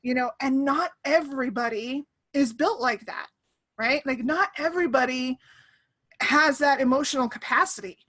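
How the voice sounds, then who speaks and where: Bright, animated high-voiced woman host. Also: normal speed. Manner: animated, laughing, acts out quoted voices. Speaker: podcast host. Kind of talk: casual chat. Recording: online call.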